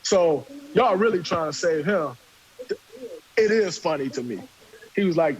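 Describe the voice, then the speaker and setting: A man, casually telling a profane, animated story and acting out what people said. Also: fairly high pitch, unhurried, pauses often, lo-fi sound. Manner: animated, profane, acts out quotes. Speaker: podcast guest storyteller.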